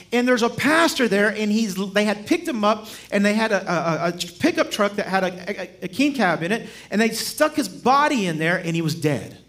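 A man as guest preacher, telling stories in a sermon in a lively, humorous way and chuckling as he speaks. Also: high voice. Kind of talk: sermon with storytelling.

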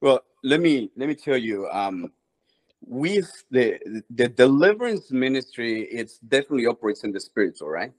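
A man's voice: mid-range voice, big pitch swings, moderate pace, darkish tone, low-quality recording. A man appearing as a guest minister, answering interview questions earnestly.

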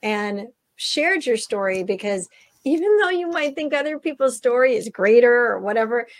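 A woman's voice: fairly high pitch, expressive, normal speed, no echo. Woman host with a lilt, eager, chatty, close and dry. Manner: enthusiastic, addresses listeners as y'all. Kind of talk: casual interview.

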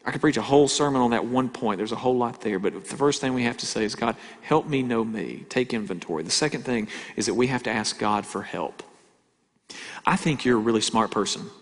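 A man's voice: medium pitch, brisk. Man preaching in a reverberant hall. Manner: emphatic, repeats key lines, asks the crowd for agreement. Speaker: pastor. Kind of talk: sermon.

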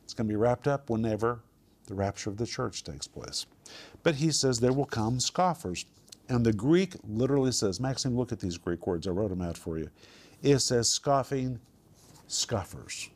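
A man's voice: mid-range voice, animated, normal speed, a little mellow, slightly rough. A man teaching a home group Bible study, emphatic and repeating words for stress.

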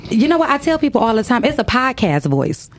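A woman's voice: a little high, very animated, fast talker. Playful chatty woman hosting. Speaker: podcast host. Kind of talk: casual chat.

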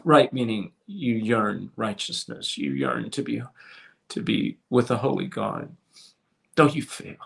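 A man preaching a sermon with passion, swinging from loud to hushed and repeating words as he restarts phrases. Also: fairly low pitch, very animated, a little slow, gravelly. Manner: impassioned preaching with sudden swings from loud to soft. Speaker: pastor.

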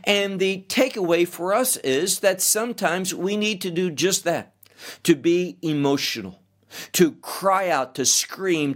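A middle-aged male pastor with a high-sitting voice preaches an expository sermon verse by verse. His delivery is measured and deliberate.

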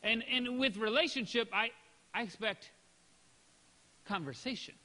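A man preaching a sermon, his voice high and bright. He swings between loud, forceful lines and soft, dropped asides as he acts out small exchanges. The sound carries the long reverb of a big hall. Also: a little slow. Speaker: pastor.

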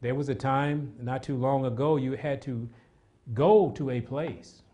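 A middle-aged man preaching a sermon, animated and repetitive, with asides to the congregation. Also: mid-range voice, measured pace.

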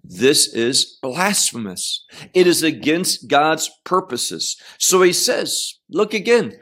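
A man teaches from scripture in an unhurried, deliberate way. His voice sits a little high for a man, and he leans hard on the words he wants to stress, often saying them twice. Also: very animated, fairly bright tone, slightly rough. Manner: emphatic, repeats phrases while explaining scripture. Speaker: Bible teacher. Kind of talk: expository Bible teaching.

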